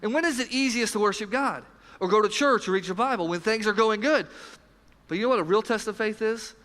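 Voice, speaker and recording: A man preaching a sermon as pastor, earnest, swinging between loud emphasis and quiet, low passages. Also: animated, normal speed, long pauses. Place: church sanctuary. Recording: church hall with long reverb.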